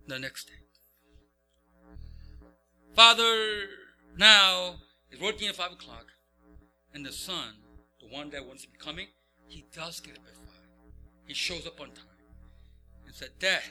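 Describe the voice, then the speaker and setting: A man's voice: high voice, measured pace, long pauses, soft background music. A male pastor telling a story in a sermon, acting out the characters' voices. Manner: animated, acts out voices.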